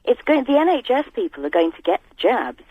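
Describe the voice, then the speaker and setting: Rambling woman caller, husky, lively in pitch, on a muffled phone line. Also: brisk, no echo. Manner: rambling, searching for words. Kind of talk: phone-in chat.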